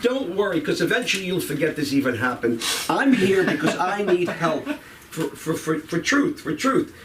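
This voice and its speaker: A man's voice: high voice, big pitch swings, normal speed, far from the mic, noisy background. A man doing crowd-work stand-up on a club stage, rambling and profane as he teases people in the audience. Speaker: stand-up comedian.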